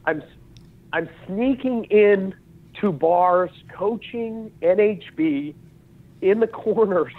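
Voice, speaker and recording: A man's voice: sits high, slow pace. A man in his thirties from Utah, a podcast guest telling stories in casual conversation, acting out dialogue and laughing often. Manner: lively storyteller who acts out dialogue and laughs often. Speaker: podcast guest, jiu-jitsu and wrestling coach. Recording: tinny phone-like line.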